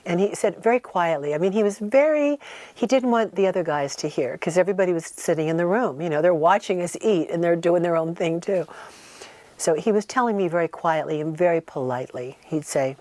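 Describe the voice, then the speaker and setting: A woman recounts an old memory in relaxed interview talk. Her voice sits low for a woman, and she brings it to life by acting out what others said. The sound is close and dry, with no room around it. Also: a little fast, no echo. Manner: animated, acts out quoted voices. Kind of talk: casual interview storytelling.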